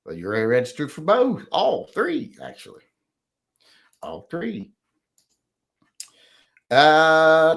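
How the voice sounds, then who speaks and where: Guy ranting on his livestream, lively swoopy voice, blunt and opinionated. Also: fairly high pitch, slow pace, gravelly, pauses often. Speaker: livestream host reading chat. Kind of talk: casual livestream chat.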